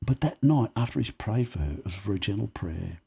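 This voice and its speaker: Husky, warm-voiced man telling stories. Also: on the low side, fast. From Australia. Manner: animated storyteller who acts out quoted dialogue. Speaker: podcast guest. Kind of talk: personal storytelling in conversation.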